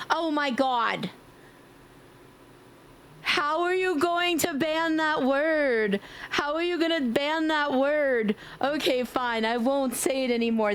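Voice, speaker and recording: A woman livestreamer chats casually and playfully with her viewers, occasionally slipping into squeaky baby talk and letting out screams.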